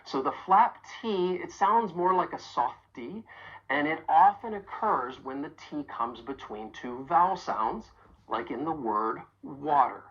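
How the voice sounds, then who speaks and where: A woman with a remarkably deep, low voice leads a pronunciation lesson. She speaks clearly and deliberately, leaning on each sound so learners can copy it. The recording sounds a little dull and muffled. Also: expressive, a bit bright. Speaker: accent coach.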